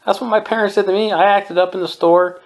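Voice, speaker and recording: A Southern California man in his twenties, hosting a podcast, offers opinionated commentary in a casual monologue. He speaks quickly in a high voice with a steady tone, chuckling often and mimicking anyone he quotes.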